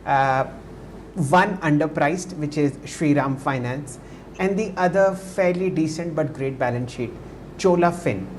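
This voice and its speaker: A man with an Indian English accent hosting a live stock market show, talking with many drawn-out fillers. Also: fairly high pitch, slight background noise.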